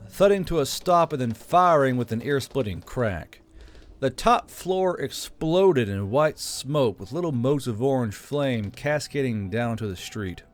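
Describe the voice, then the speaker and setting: Man narrating a story steadily. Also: mid-range voice. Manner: steady, measured reading. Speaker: audiobook narrator.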